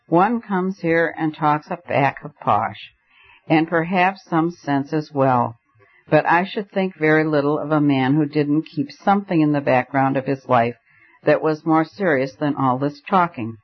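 A man reading as a patient, wry debater. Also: a little high. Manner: patient, measured, dryly witty. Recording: slightly muffled lo-fi audio.

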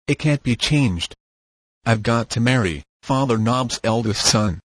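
A man reading the part of a shy, frightened young frontier girl, speaking softly and falteringly, with a husky voice. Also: medium pitch, expressive, unhurried, no echo. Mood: resigned. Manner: soft, faltering, hesitant.

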